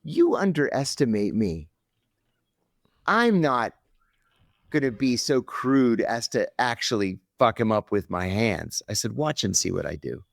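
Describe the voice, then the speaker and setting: A man's voice: mid-range voice, measured pace, creaky, no room sound. Middle-aged guy spinning a yarn on a podcast, acts out the voices, dead dry mic. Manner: lively storyteller acting out quoted voices. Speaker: podcast guest. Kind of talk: storytelling in a podcast interview.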